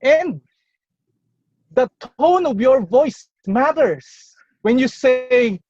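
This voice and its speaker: A man giving a prepared contest speech, telling a personal story in a slow, earnest way with pauses, over a video call. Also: very high voice, expressive, a little mellow, dull audio. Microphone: computer or phone mic on a video call.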